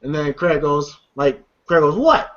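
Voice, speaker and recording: High-voiced man recapping a movie, cursing freely. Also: measured pace, fairly bright tone. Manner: loose, profane, laughs often and retells scenes. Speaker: movie reviewer. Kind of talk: casual movie recap among friends. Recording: dull lo-fi recording.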